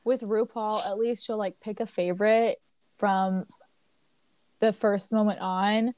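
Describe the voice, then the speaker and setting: A young woman talks with a friend over a video call, animated and quick to laugh, with plenty of swearing. Her voice sits at an ordinary pitch. The sound is close and dry. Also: no echo. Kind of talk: casual chat, quiz game.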